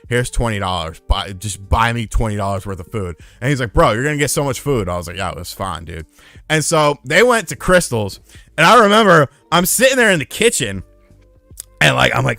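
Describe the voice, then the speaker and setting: A man's voice: a little high, pushed and bright, dry recording. A man in his thirties hosting a casual livestream. He tells rambling, profane stories and thanks new members as they join. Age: 30s. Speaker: streamer.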